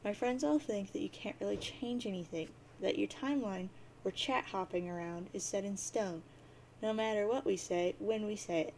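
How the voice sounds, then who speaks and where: A woman's voice: mid-range voice, moderate pace, a little mellow, a little hiss or hum, lightly acted. A woman reading as a bossy, mocking blind girl. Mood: teasing. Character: blunt, teasing blind teen girl. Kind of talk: reading a webcomic aloud.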